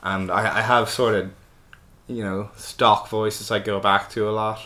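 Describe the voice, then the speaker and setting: A man's voice: on the low side, flat delivery, a little slow, sharp tone. A man hosting a casual comedy podcast from a table in a friend's home, playful and giggly. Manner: playful, giggly, self-mocking. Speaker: podcast host.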